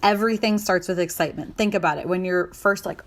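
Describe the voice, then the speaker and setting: A woman in her thirties hosting a solo podcast as a sales coach, talking in a chatty, upbeat way and acting out excited inner voices. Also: on the low side, quick pace. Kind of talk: casual solo podcast talk.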